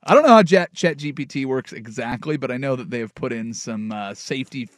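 A male sports radio host talking in a loud, playful, rambling way on a dry studio mic. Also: medium pitch, expressive, a little fast, no room sound. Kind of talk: comedic radio sports talk.

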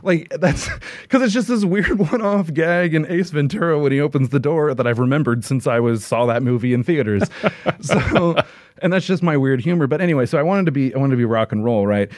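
A man's voice: on the high side, lively intonation, brisk, darkish tone, dry recording, clean studio sound. Rambling, chatty male interview guest. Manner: rambling, full of "like" and restarts, laughs often. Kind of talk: casual interview chat.

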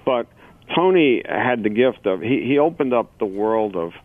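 A man calling in to chat, talking haltingly with many restarts, then praising warmly. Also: medium pitch, animated, dry recording. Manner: halting, repeats words, then warm praise. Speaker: phone-in guest. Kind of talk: casual chat. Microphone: phone. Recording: tinny phone line.

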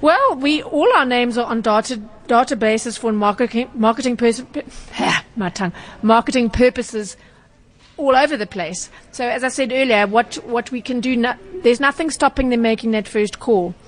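A woman's voice: on the high side, moderate pace. A woman explaining consumer rules on radio, a little hesitant and full of fillers. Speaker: consumer journalist. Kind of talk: radio consumer advice chat.

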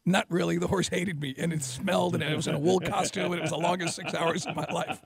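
A high-voiced male host talks fast with a gravelly, husky texture. He spins casual sports radio stories and laughs often. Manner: animated storytelling, laughing often.

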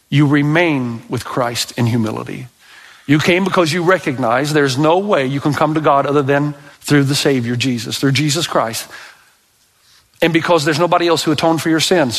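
Male pastor, middle-aged, high voice, preaching a sermon, talks straight to the room, gets worked up in stories. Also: fairly bright tone. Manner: impassioned, rising pitch when telling stories; addresses congregation directly, leads repetition.

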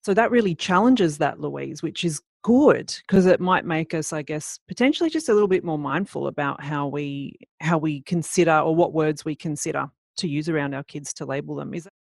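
Interview host, gravelly fry in the voice, dry close sound, friendly probing questions. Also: medium pitch, lively intonation, fairly quick, few pauses, no room sound. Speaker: podcast host.

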